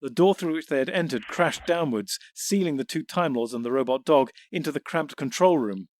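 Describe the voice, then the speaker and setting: A man reading audiobook narration in a measured, descriptive way. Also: on the high side, darkish tone, no room sound. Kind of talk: scripted narration.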